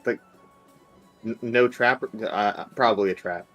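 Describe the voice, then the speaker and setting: A man's voice: fairly low pitch, a little slow, a bit bright, soft background music. A young man playing a tabletop game, nervous and stammering in casual chat. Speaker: player.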